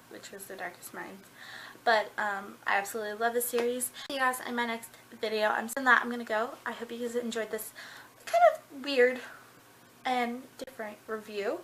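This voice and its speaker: A woman's voice: a little high, fairly bright tone, slight background noise. Bubbly young woman gushing about a book. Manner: bubbly, gushing, lots of "like" fillers. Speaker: book vlogger. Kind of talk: casual book review vlog.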